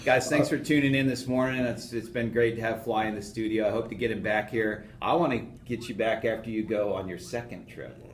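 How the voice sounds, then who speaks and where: A man's voice: lowish voice, steady tone, fairly quick, roomy sound, a little hiss or hum. A man hosting a fishing radio show, chatting in an easygoing way in the studio. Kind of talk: casual radio studio chat.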